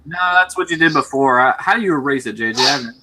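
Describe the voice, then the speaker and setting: A man running a tabletop game as game master, talking in halting bursts full of fillers and restarts. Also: mid-range voice, lively intonation, noisy background.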